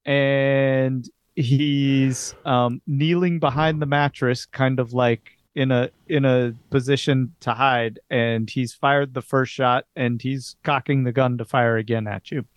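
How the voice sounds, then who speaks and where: A man's voice: mid-range voice, fairly even intonation, slow, hardly any pauses, clean tone, no room sound. Hesitant man running a tabletop game. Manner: hesitant, many fillers while describing scenes. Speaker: game master. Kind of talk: narrating a tabletop horror game.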